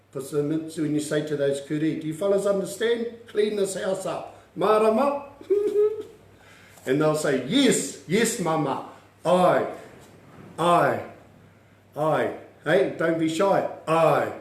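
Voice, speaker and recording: A man's voice: fairly high pitch, darkish tone. A man teaching an online language class, upbeat and coaxing, drilling words aloud and laughing often. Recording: echoey room.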